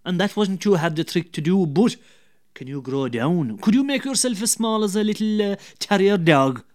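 A man's voice: lively intonation, normal speed, a little mellow. A man with an Irish accent voicing a timid but crafty drinker who wheedles and stammers in a raised voice. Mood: sly coaxing. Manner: high-pitched, stammering, wheedling.

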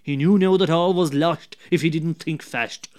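A man with an Irish accent telling a folk tale, lively and dramatic, dropping to hushed asides. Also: a little high, normal speed. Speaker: storyteller.

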